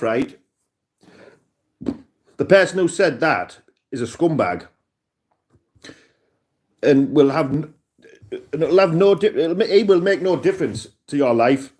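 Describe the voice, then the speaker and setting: A man's voice: on the high side, a little mellow. A man with a Cumbrian accent chatting casually and rambling on a live stream, often calling people "mate". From Cumbria, England. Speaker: livestreamer.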